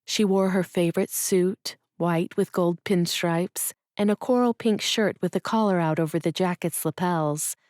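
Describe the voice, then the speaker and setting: A woman narrates a sweet romance audiobook in a measured, expressive voice. Her tone is warm and mellow, sitting a little low, and the studio sound is close and dry. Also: no echo.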